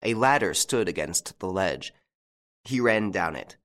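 Low-voiced man narrating a mystery. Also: animated, unhurried, a bit bright. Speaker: audiobook narrator. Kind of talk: scripted narration.

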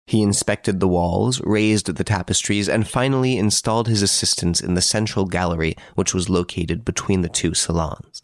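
A man narrating a classic story as an audiobook with an expressive storytelling delivery, close to the mic. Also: low voice, normal speed, few pauses, dry recording.

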